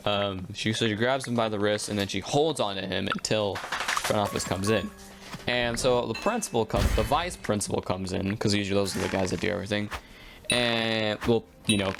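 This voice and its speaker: A young man telling a school story in a casual, rambling way while gaming, slipping into quick voiced quotes. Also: on the low side. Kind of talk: casual storytime over gameplay.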